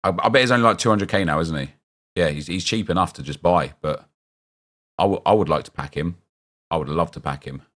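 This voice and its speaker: A man's voice: low-pitched, brisk, fairly bright tone. A young man chatting casually as he streams a football game, rambling and answering his viewers' chat as he reacts to picks.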